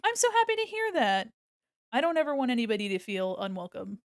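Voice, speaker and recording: A woman's voice: on the high side, very animated, fast talker, no room sound, studio quality. An American woman streaming her art, chatting casually and giggling as she thinks aloud while she draws. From United States.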